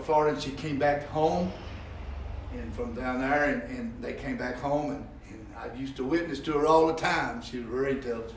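A man, a pastor preaching and telling folksy testimony stories that rise into shouts. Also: mid-range voice, far from the mic, slight background noise. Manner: folksy storytelling, rising to shouts. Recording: echoey room heard from afar.

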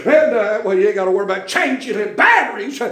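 High-voiced preacher, echoey church. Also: male voice, lively intonation, fast talker. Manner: folksy preaching that swells into shouted peaks. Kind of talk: revival sermon.

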